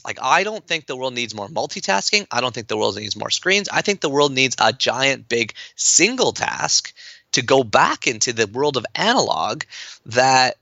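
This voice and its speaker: Male podcast guest, gravelly edge, eager and chatty, dry slightly muffled sound. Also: medium pitch, no room sound. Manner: animated, fast-talking, many fillers and restarts. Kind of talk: enthusiastic conversational interview.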